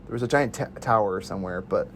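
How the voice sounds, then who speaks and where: A man hosting a casual movie review chat, enthusiastic and quick to laugh as he talks through favorite scenes. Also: on the low side, slight background noise. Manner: enthusiastic, laughs often, acts out quotes. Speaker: podcast host.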